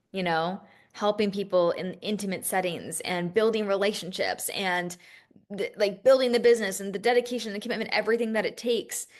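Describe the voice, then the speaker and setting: Woman, business coach, solo podcast, candid, emotional, rambling, swears freely. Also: lowish voice.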